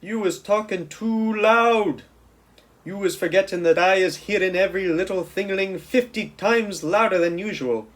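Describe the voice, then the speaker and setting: A man voicing a big friendly old giant who mangles his grammar, loud and booming in places. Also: moderate pace, lightly acted. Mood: pained, loud. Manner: booming, oddly phrased speech.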